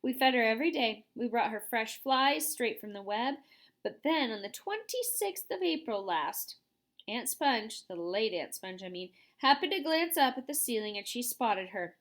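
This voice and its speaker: A woman's voice: a little high, animated, normal speed, a bit bright. A woman voicing a prim, dramatic female spider who tells stories in a genteel, long-winded way. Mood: mournful.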